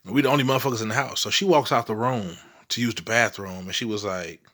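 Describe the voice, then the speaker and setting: A man from St. Louis in middle age talks straight to his viewers in a loose, rambling monologue. His voice sits on the low side, and he swears freely and keeps checking in with his listeners as he goes. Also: fast talker, fairly bright tone. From St. Louis, Missouri. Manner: rambling and profane, keeps asking "you know what I'm saying". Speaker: vlogger telling ghost stories. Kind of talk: casual storytelling monologue.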